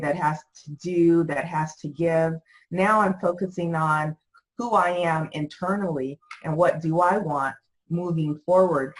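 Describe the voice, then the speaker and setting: A woman who owns a business talks reflectively as a podcast guest, peppering her casual interview answers with "you know." Her voice is low-pitched and the recording sounds rough.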